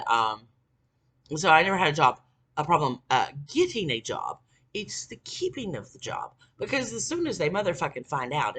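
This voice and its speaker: Husky, profane ranting vlogger in their forties. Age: 40s. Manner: profane, bitter ranting with frequent filler words; swings from low muttering to shouted outbursts. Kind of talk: casual monologue to camera.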